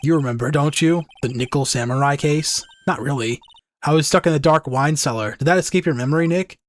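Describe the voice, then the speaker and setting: A composed young woman in charge of an exhibition, as a man puts her on in a game playthrough. She speaks in calm, measured, polite sentences. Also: on the high side, slight background noise, close to an everyday voice.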